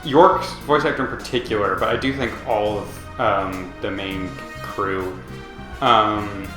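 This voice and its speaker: A young man rambles through casual gameplay commentary, his talk full of ums and likes. His voice sits a little low. It has a roomy echo, with game music playing clearly behind him. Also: fairly even intonation, slow. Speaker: let's play commentator.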